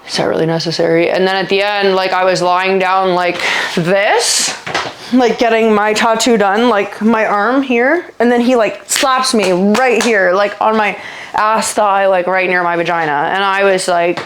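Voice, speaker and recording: A woman speaking at a middle pitch talks her viewers through a personal story in a loose, casual way. She rambles and leans on filler words. At times she halts, restarts and trails off mid-thought. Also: steady tone, background noise. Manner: halting, trailing off when upset. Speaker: vlogger.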